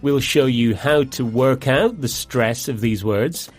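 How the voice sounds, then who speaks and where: In a scripted dialogue, a man delivers an English lesson in a mid-range voice, speaking clearly, warmly and with deliberate care.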